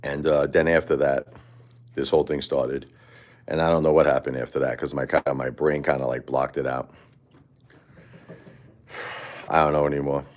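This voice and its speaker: A middle-aged man hosting a livestream, talking unscripted in a quiet, halting way and often repeating himself. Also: rumbling low, flat delivery. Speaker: livestream host. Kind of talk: unscripted personal monologue.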